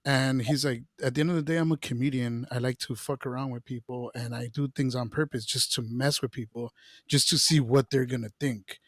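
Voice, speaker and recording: A man co-hosting a podcast in a casual, relaxed chat, laughing easily. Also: medium pitch, brisk, no echo, clean studio sound. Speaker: podcast co-host.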